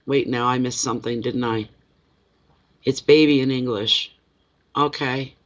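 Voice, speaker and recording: A man reads tarot on a live stream and chats in a loose, rambling way, welcoming viewers one by one. His voice sits at a middling pitch. The audio is dull and lo-fi. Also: steady tone, a little slow, fairly bright tone. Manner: chatty, greets viewers by name, rambling. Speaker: tarot card reader. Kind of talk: casual live stream chat.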